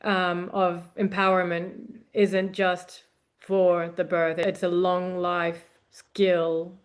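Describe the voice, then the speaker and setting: A woman hosting a conversation, speaking in a calm, measured way. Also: lowish voice. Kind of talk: podcast conversation.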